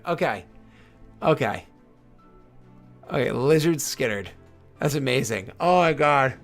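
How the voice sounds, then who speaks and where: A man's voice: mid-range voice, animated, slow, long pauses, faint music behind. A man streaming casually, rambling and joking to his chat, muttering asides and swearing now and then.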